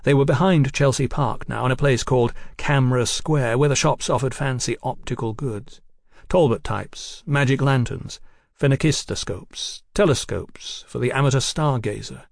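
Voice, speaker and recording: A man narrating an audiobook in a steady, even storytelling manner. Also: mid-range voice, normal speed, gravelly, dry recording, studio quality.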